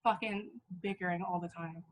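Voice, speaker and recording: A woman's voice: fairly low pitch, steady tone, normal speed, slight background noise. Woman in her 20s hosting a podcast, swears a lot, laughs constantly, just chatting. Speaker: podcast host. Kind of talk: casual chat.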